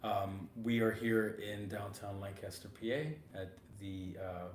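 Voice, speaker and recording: A man hosting a casual art podcast in an art supply store, slightly hoarse from getting over losing his voice, talking in an easygoing, rambling way. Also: lowish voice, unhurried. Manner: easygoing, rambling, many fillers. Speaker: podcast host. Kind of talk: casual chat. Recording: roomy store with faint ambient noise.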